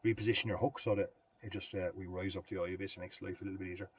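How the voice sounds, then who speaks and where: A man's voice: sits low, fairly even intonation, rapid-fire, slightly rough. A middle-aged Irish man demonstrating fly tying on a livestream, chatting in a rambling, folksy way between steps.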